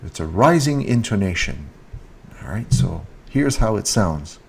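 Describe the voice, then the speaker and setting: Slow, lively-voiced male teacher. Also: gravelly, a little hiss or hum. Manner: repeats example sentences, rising pitch on question words. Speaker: French teacher. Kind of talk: video lesson explaining grammar.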